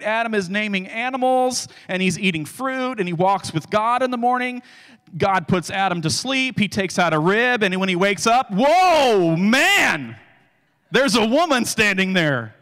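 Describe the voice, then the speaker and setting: A male guest speaker preaching a sermon, telling the story with animated energy and dropping to hushed tones for scripture. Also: high-pitched, big-room sound.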